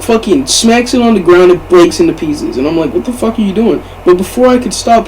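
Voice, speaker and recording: A man's voice: high-pitched, a little mellow, a little hiss or hum, low-quality recording. A young man in his teens telling a storytime vlog in a casual way, full of swearing and fillers. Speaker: vlogger.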